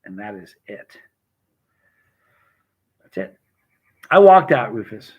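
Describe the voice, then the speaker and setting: A man's voice: lowish voice, very animated, takes it slowly, slightly rough, narrow, tinny audio. Middle-aged man, loose storyteller; trips over his own sentences and talks straight to his viewers. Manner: rambling, self-interrupting, addresses viewers by name. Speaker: vlogger chatting with live chat. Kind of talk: casual rambling storytelling.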